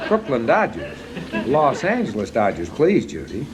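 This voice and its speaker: A middle-aged man, a baseball manager and guest on a TV talk show, telling blunt, jokey anecdotes in animated chat. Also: medium pitch, a little fast, a crowd in the background.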